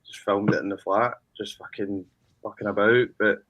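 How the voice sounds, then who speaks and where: Blunt, sweary Glaswegian musician. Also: male voice, lowish voice, steady tone, normal speed, a bit bright, dull audio. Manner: blunt, heavy swearing, slangy. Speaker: musician guest. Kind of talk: casual chat.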